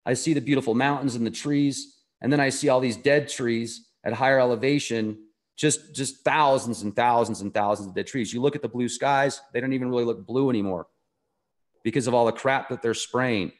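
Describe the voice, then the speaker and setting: A man of ordinary pitch speaks as an interview guest. He tells his story conversationally, earnest and enthusiastic, and wanders from point to point. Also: fairly quick. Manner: earnest, enthusiastic, rambling delivery.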